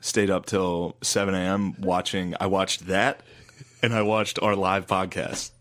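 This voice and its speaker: Low-voiced, rambling young man. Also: flat delivery, unhurried, fairly bright tone. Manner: rambling, crude, self-mocking. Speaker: podcast co-host. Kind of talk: casual chat.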